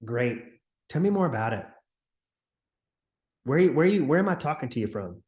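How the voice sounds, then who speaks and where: A man coaching real estate agents on a video call, talking in an energetic, chatty way and acting out upbeat phone calls. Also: medium pitch, normal speed, long pauses, echoey room. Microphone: computer mic on a video call.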